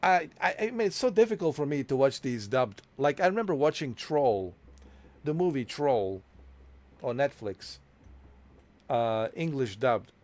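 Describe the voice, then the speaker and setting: A man's voice: medium pitch, a little mellow. Laid-back joking male game streamer. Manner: joking, mimics foreign accents and dubbing, laughs often. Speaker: gameplay streamer. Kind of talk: casual commentary over gameplay.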